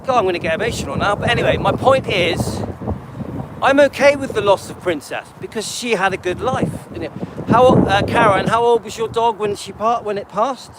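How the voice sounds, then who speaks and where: A man in his late fifties strolls with his dog on a livestream, rambling and calling out to viewers by name. His high-pitched voice moves at a normal pace against heavy background noise.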